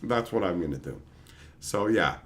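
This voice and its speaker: A man's voice: deep voice, lively intonation, normal speed. A tired man, short on sleep, telling a rambling story in a casual, profane way, with laughing asides. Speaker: channel host.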